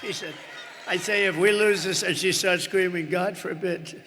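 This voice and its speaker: A man's voice: high-pitched, fairly even intonation, normal speed. A man giving a rambling, boastful rally speech in a large indoor arena, with off-the-cuff asides to the crowd. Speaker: political candidate at a rally. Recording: arena with long reverb and crowd noise. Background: cheering crowd.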